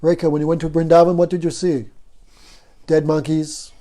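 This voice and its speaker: A spiritual teacher leads a devotional class, his voice pitched on the high side with a level, warm tone at a normal pace. He tells it like a story and keeps checking in with his listeners by asking "no?"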